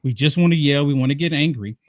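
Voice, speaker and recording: A man talking as a guest in a casual political chat, earnest and measured. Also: fairly high pitch, no echo, clean studio sound.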